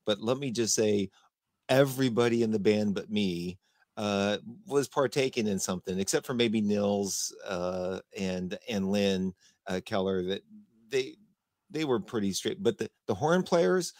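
A fairly low-pitched man hosts a relaxed conversation. His delivery is halting and chatty, full of restarts, and the sound is close and dry with little room around it. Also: no echo. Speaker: host. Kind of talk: casual conversation.

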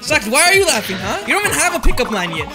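A man hosting a game with casual banter, excitable and loud, egging the others on. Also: very high voice, rapid-fire. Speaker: host, quiz leader. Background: background music.

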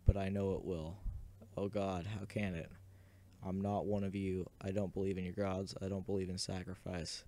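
A man's voice: sits low, flat delivery, moderate pace, warm tone. A man reading the part of a panicked man trapped before a sacrifice, frantic and pleading. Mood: desperate.

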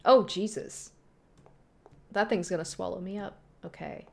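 A woman's voice: lowish voice, measured pace, creaky, a little mellow. A woman streaming a horror game, reacting with sudden jumps and reading the on-screen text aloud to herself. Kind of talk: live gameplay commentary.

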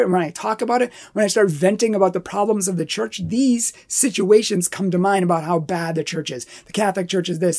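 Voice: mid-range voice, darkish tone, breathy edge. Earnest Catholic speaker, emphatic repeats. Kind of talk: personal testimony talk.

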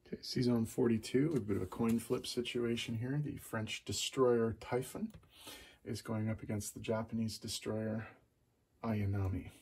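A man narrating his own board game turn by turn, calling out each dice roll in a steady, methodical way. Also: on the low side, moderate pace, gravelly, husky. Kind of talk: play-by-play board game commentary. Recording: loud background noise.

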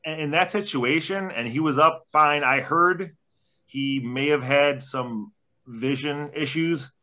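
A man's voice: on the high side, slow pace, sharp tone. A man in his forties, a former hockey player, telling rambling stories in a podcast interview, laid-back and swearing freely. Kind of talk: casual storytelling interview. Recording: dull lo-fi podcast audio.

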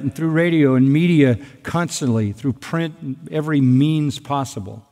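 A man's voice: on the high side, darkish tone. A man preaching an expository sermon as pastor, emphatic and fond of repeating key phrases. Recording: hall reverb.

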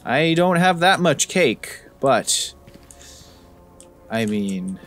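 A man's voice: mid-range voice, big pitch swings, drawn-out words, fairly bright tone, soft background music. A man commenting on a horror game as he plays, with joking, sarcastic asides. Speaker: gaming video host. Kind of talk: let's-play commentary.

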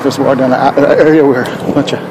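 A man's voice: medium pitch, steady tone, fast. An older man, chatting and rambling to his viewers as he walks a city street filming a casual vlog. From Texas. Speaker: vlogger. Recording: loud street and wind noise.

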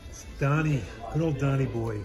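A man's voice: medium pitch, normal speed, music in the background. A man hosting a casual food-review show, upbeat and joking, with announcer-style callouts.

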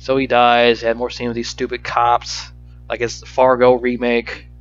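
A man's voice: mid-range voice, completely flat delivery, measured pace. A man giving a profane, exasperated movie review rant, full of stammered restarts. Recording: dull lo-fi recording with faint music.

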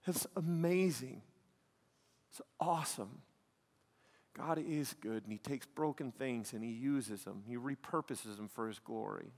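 A man's voice: mid-range voice, a little slow, a little mellow. A man preaching a sermon in an emphatic, conversational way, often dropping "man" and "like" between points. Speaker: pastor. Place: church sanctuary. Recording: long reverb of a large hall.

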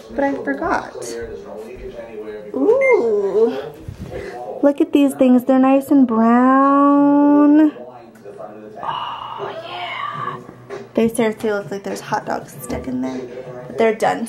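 A woman's voice: fairly high pitch, animated, slow, long pauses, over music. A young woman in her twenties chatting casually in a daily vlog, giggly and teasing. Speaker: vlogger. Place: home and car, indoors.

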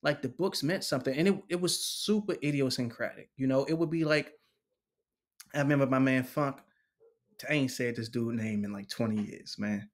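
In an interview, a poet in his forties chats through anecdotes with lively slang, putting on other people's voices and laughing repeatedly. He has a mid-range voice and talks at an ordinary speed.

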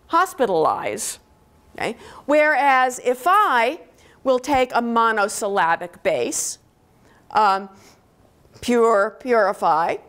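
A woman professor giving a university lecture on linguistics, explaining step by step and often checking in with "okay?" between points. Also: medium pitch. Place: lecture hall.

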